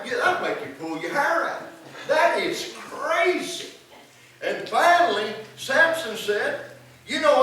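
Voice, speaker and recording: In a church sanctuary, a middle-aged man preaches a sermon as pastor, weaving folksy stories and voicing the quotes himself. His high, slightly bright voice is captured from a distance in an echoey room with a touch of hiss or hum.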